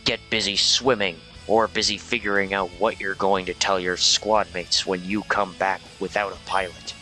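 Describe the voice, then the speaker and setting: A man's voice: low-pitched, little pitch movement, moderate pace, bright, forceful tone, faint music behind. A man voicing a brash army officer in a game, barking orders in a bossy way.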